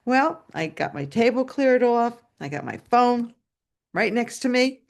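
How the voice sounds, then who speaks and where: A woman storyteller telling a personal tale aloud over a video call, animated and dramatic. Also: a little slow, creaky. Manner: animated and dramatic, shouting at high points. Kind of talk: live oral storytelling.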